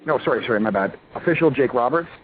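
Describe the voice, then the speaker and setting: Excitable wrestler rambling over a phone line. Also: male voice, mid-range voice, quick pace, faint music behind. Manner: excitable, rambling, full of "you know" and "I mean". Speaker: pro wrestler, interview guest. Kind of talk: casual phone interview. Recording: tinny phone line with faint hiss.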